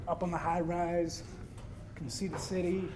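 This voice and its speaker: A man's voice: sits high, level tone, normal speed, darkish tone, slight background noise. A man volunteering on stage at a seminar, answering in short, hesitant phrases, off the mic. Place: seminar room, away from the mic.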